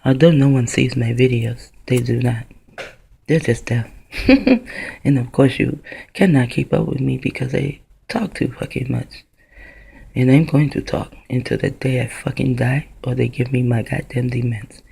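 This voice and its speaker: A woman's voice: very deep voice, fairly even intonation, moderate pace, creaky, mellow, husky. A woman talking into her own camera in a rambling, profane vlog monologue that drifts from one idea to the next. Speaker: vlogger.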